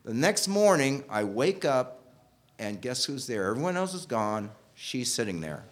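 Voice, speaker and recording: A man telling a personal story, animated, swinging from loud bursts to hushed asides. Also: mid-range voice, a little slow.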